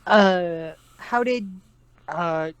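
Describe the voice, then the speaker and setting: A man voicing a kind, nervous middle-aged peasant father from a cartoon, gentle and flustered. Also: high voice, extremely slow, smooth, dry recording.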